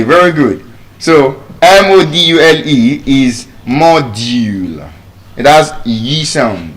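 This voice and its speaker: A man with a Nigerian English accent giving a live pronunciation lesson to an audience, repeating each word slowly to drill it. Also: medium pitch. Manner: deliberate, drills words by repeating them slowly. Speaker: pronunciation teacher. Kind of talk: live public speaking lesson.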